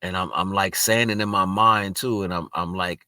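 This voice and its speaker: A man's voice: deep voice, fairly even intonation, normal speed, sharp tone, no echo. A man talking in a casual, rambling monologue, earnest and spiritual, often restarting his sentences. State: tearful at moments. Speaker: vlogger sharing personal reflections.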